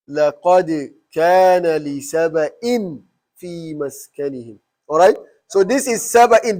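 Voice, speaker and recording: Teacher, male, fairly high voice, quizzes the room as he explains. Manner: quizzing the class with repeated questions. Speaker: Arabic teacher. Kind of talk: classroom teaching.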